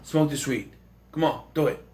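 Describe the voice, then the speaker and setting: A man voicing a pushy male agent who coaxes people into taking drugs, in a mock sales-pitch voice. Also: normal speed, reverberant, background noise, close to an everyday voice. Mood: coaxing. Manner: coaxing, pushy.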